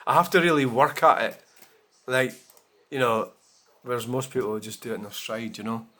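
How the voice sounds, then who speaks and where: Man, channel host, casual chat, bright voice, rambling with fillers. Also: mid-range voice, fairly quick. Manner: rambling, many fillers and restarts.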